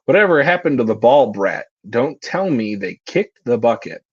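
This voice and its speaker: A man's voice: medium pitch, big pitch swings, moderate pace, slightly rough, no room sound, muffled recording. A man doing a swaggering country-drawl brawler. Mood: taunting. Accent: country drawl, put on. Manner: swaggering, taunting.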